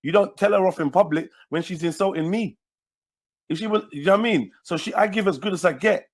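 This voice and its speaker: A man from Nigeria with a notably high voice, arguing on a livestream. He repeats himself and keeps cutting in with "listen.". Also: fairly quick, husky. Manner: forceful, repeats words, cuts in with "listen". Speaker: livestream host. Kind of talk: heated livestream argument.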